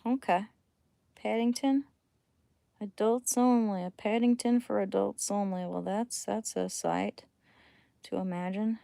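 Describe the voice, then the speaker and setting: A woman chatting casually on a late-night livestream at home, rambling between thoughts and often dropping to a hushed near-whisper. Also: medium pitch, steady tone, measured pace, gravelly, pauses often, no room sound. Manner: rambling, drifting between thoughts while reading chat.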